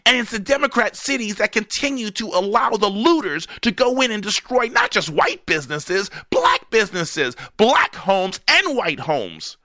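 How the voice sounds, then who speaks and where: High bright guy ranting politics, voice jumping all over, sarcastic. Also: normal speed, hardly any pauses, no echo, studio quality. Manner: animated, sarcastic, shouts at the listener. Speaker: political commentator. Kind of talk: political commentary monologue.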